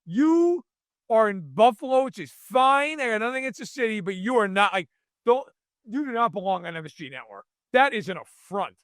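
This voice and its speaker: A man's voice: high-pitched, very animated, normal speed, fairly bright tone, no room sound, studio quality. A man co-hosting a podcast, ranting in mock outrage over sports in casual chat. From New York state. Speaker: podcast co-host.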